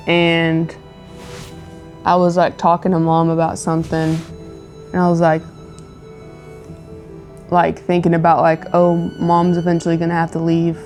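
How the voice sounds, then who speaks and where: A young woman speaks softly in a low, flat voice, hesitating and filling pauses with "like". She tells her story in a casual, personal way. Faint music plays underneath. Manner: soft, hesitant, many "like" fillers. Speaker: wife co-host of couple's channel.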